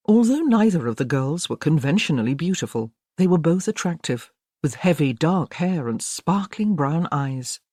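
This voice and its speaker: A woman narrating a historical romance with a lowish voice that still moves through a wide, expressive range. The sound is dry and close to the microphone, with no room heard. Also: moderate pace, dry recording. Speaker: audiobook narrator. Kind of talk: scripted narration.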